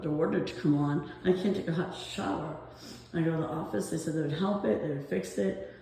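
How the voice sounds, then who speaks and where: Breathless, anxious woman vlogging on her phone; mellow tone, roomy echo. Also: deep voice, creaky. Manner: rambling, anxious, with nervous laughs. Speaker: vlogger filming her apartment complaints. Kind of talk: casual walking vlog.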